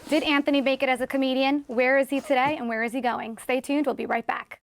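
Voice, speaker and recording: Woman talk show host, higher pitch. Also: flat delivery, quick pace, gravelly. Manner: encouraging, brief affirmations.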